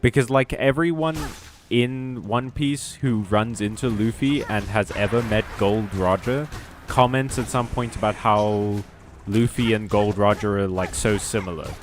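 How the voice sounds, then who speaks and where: A man's voice: lowish voice, a little slow, soft background music. A man streaming a video game, chatting casually in a rambling, self-deprecating way and swearing freely. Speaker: VTuber streamer. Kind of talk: casual gaming stream chat.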